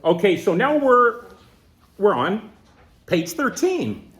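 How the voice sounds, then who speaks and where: A man's voice: high-pitched, slow pace. A man teaching a group workshop in plain, conversational words, often checking in with his listeners. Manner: animated, keeps checking in with listeners. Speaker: twelve-step workshop leader.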